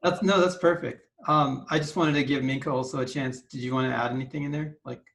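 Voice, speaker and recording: A man's voice: medium pitch, steady tone, fast talker, a bit bright, slight background noise, low-quality recording. A man hosting an online meetup, asking questions hesitantly with many fillers over a video call. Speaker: meetup host. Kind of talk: casual interview questions.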